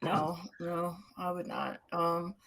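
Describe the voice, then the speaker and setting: A woman co-hosting a podcast in casual, slangy chat, quick with opinions. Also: fairly low pitch, flat delivery, crowd noise. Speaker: podcast co-host.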